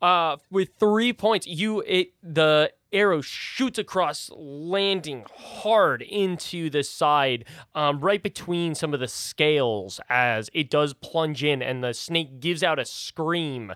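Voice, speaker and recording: A man's voice: a little high, slow pace, hardly any pauses, fairly bright tone, no room sound, studio quality. A man narrating a tabletop game as game master, hesitant and full of fillers. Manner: hesitant, lots of uh and um.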